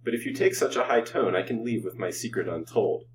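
A man voicing a cold, scheming doctor who speaks calmly and with a sneer, in a storybook reading. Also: on the low side, fairly quick, far from the mic, noisy background, pitched above the performer's own voice, lightly acted. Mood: indifferent.

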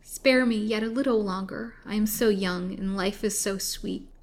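A frightened, starving young prisoner, as a woman reading a storybook puts her on, begging in a raised, trembling voice. Her words come slowly and falter. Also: mid-range voice, voice pushed up, close to an everyday voice. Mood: pleading. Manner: pleading, faltering and slow.

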